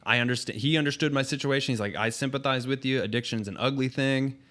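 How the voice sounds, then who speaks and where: A man as a podcast guest, telling a candid, profane story in a casual, halting way with frequent ums. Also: mid-range voice, fairly bright tone.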